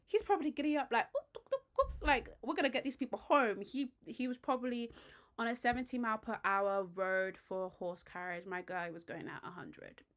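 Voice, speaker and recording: A British woman vlogger chatting casually and excitedly about a TV romance, gushing and getting loud at times. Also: fairly high pitch, fairly quick. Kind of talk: casual chat about a TV show.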